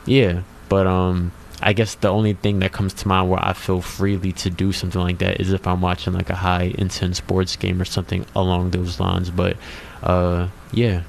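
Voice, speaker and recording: Man, very deep voice, gravelly, laid-back, hesitant, casual radio chat. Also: completely flat delivery, moderate pace, a little hiss or hum. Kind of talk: casual talk show chat.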